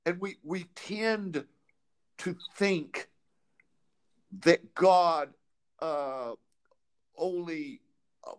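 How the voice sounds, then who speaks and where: A man's voice: on the high side, clean tone. A man hosting a casual faith talk, fervent and emphatic, often repeating words as he searches for what to say. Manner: halting, with many repeated words.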